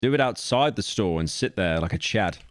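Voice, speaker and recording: A man's voice: lowish voice, lively intonation, normal speed, slight background noise. A man commentating casually on a live stream, making sarcastic jokes as he watches. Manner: joking, sarcastic asides. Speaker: streamer reacting to a video.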